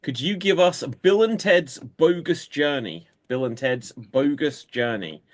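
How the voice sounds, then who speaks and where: A man's voice: on the high side, animated. British-sounding man hosting an online show. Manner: brisk, drawn-out sign-offs. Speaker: host. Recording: video call audio.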